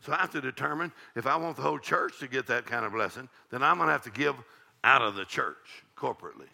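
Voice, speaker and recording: A man's voice: medium pitch, expressive, fast talker, vocal fry, sharp tone. An older man, a pastor preaching an evening sermon in a folksy, joking, call-and-response way.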